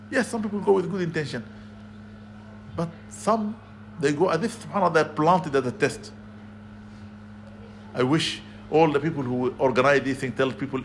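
A man's voice: fairly high pitch, slight background noise. A man giving a sermon as a spiritual advisor, earnest and emphatic, weaving Arabic phrases into his talk and rising to pointed exclamations. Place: community venue.

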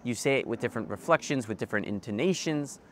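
A man's voice: mid-range voice, animated, quick pace, fairly bright tone, a little hiss or hum. A young man talking earnestly to camera in a reflective vlog monologue, often repeating phrases for emphasis. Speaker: self-help vlogger.

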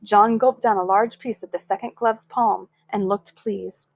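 A woman reading a children's chapter book aloud in a steady, expressive way. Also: medium pitch, a little slow, creaky, dry recording. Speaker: story reader.

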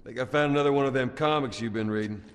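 A plain-spoken male survivor in a video game, as a man voices him. He talks in a folksy, unpolished way at an everyday pitch. The line carries a long reverberant tail, with faint noise in the background. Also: quick pace, close to an everyday voice. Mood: offhand.

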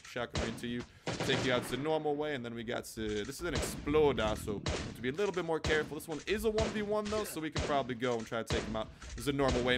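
A man's voice: mid-range voice, lively intonation, fast, over music. A young man casually commenting on his own gameplay, goofy and chatty, joking and talking to the enemies as he plays. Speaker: gaming YouTuber.

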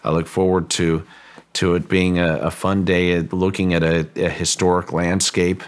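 A man's voice: low voice, little pitch movement, moderate pace. A man, a guest on an interview show, telling a long story with frequent restarts and fillers, raising his voice when he acts out quoted lines. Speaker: guest, ranch owner.

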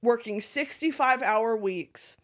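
Young woman, slight Southern twang, high voice, laughs and swears a lot, casual podcast chat. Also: takes it slowly. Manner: animated storyteller, laughs often, swears freely. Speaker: podcast guest.

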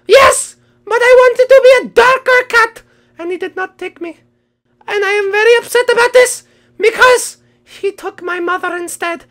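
A melodramatic young black cat boy with a vengeful streak, played by a woman. The voice sits extremely high and bursts into shrieks before dropping to low mutters of revenge, in a playful game role-play. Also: moderate pace, a bit bright. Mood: aggrieved.

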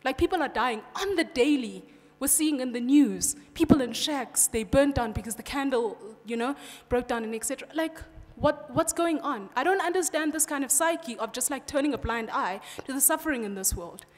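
In a big hall with lingering reverb, a young Xhosa-speaking woman from South Africa delivers a fervent, straightforward conference speech as a student. Her accent is British-sounding South African English; she speaks high and animated at a normal speed, barely pausing, and keeps dropping "you know."

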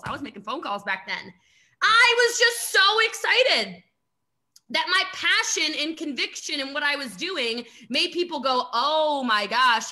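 High, bright-voiced, animated woman coach. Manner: animated, emphatic, laughs often, mock voices. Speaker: network marketing coach. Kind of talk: motivational talk on a video call.

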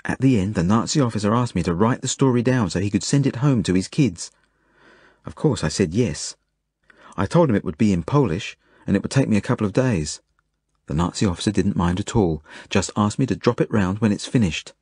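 A man reading his own novel aloud as a first-person audiobook, earnest and measured. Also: fairly low pitch, lively intonation, slightly rough, no echo, clean studio sound. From Australia. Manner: earnest, measured, gentle storytelling.

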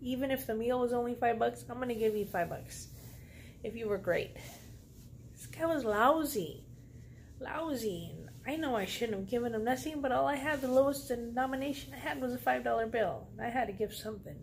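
A woman's voice: fairly high pitch, quick pace, creaky, a little hiss or hum. A woman vlogger telling a story in a casual way, sassy and full of slang. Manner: sassy, slangy, animated retelling.

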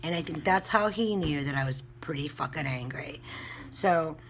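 A woman's voice: sits low, normal speed, a bit bright, slight background noise. A woman vlogger ranting bluntly into the camera, heated and cursing often. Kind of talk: casual vlog rant.

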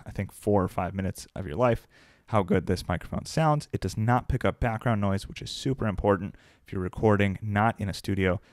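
A young man giving an upbeat, conversational product review to camera from his home desk, speaking close into a desk mic on a boom arm. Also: dry recording. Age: young adult. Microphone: dynamic desk mic on a boom arm, close.

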